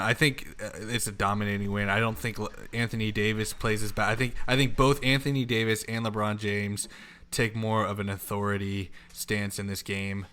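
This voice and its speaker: Low-voiced man, blunt and profane. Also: level tone, normal speed, a bit bright, smooth. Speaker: podcast co-host. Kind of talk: casual sports betting chat.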